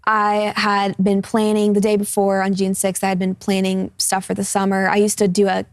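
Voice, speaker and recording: A woman in her twenties gives a personal testimony as a talk-show guest, speaking earnestly and casually with fillers. Her mid-pitched voice is monotone at a normal speed, with gravelly fry ending her phrases. The recording is dry and close.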